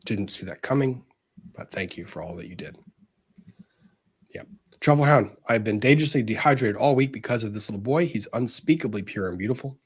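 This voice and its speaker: A man's voice: fairly low pitch, expressive, brisk, husky. A man hosting a casual livestream, earnestly thanking viewers as he reads out their super chats.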